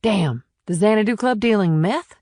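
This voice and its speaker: A woman's voice: mid-range voice, expressive, moderate pace, warm tone, dry recording, studio quality, natural voice. A woman voicing a blunt, plainspoken small-town police officer in an audiobook. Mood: matter-of-fact. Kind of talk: audiobook character reading.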